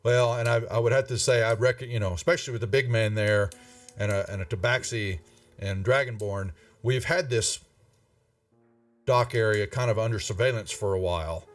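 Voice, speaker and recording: A man's voice: lowish voice, moderate pace, close to an everyday voice. A man voicing a stern, law-abiding male town guard captain who barks commands, in a tabletop game. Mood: suspicious. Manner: gruff, barking commands. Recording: distant mic with faint music.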